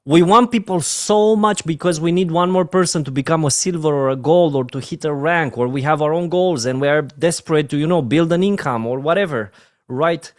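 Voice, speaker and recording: A man with a Romanian accent giving an earnest, emotional motivational training talk on network marketing, often dropping his voice to a soft "my friends". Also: fairly high pitch, a little fast, dry recording, studio quality.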